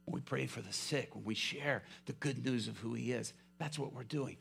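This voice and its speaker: A male pastor preaching a sermon, telling a story with lively swings from hushed to loud. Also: mid-range voice, normal speed, vocal fry, few pauses, a little hiss or hum.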